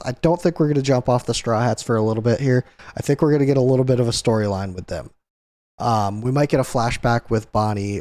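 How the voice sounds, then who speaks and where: A man's voice: mid-range voice, a little mellow, no room sound. A young adult man hosting a casual comic chapter recap, talking loosely and chuckling often. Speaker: host.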